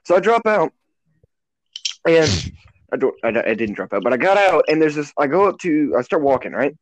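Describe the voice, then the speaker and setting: A man's voice: a little high, very animated, normal speed, no room sound, low-quality recording. A teenage boy co-hosting a casual podcast chat, telling a rambling story with many restarts. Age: teens. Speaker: podcast co-host.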